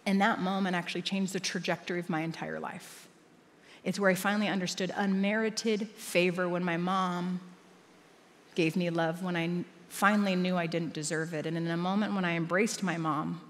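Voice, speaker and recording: A woman's voice: fairly low pitch, fairly even intonation, moderate pace. A woman giving a sermon in a church, telling a personal story and laughing often. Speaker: church speaker. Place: church auditorium. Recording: long reverb of a large hall.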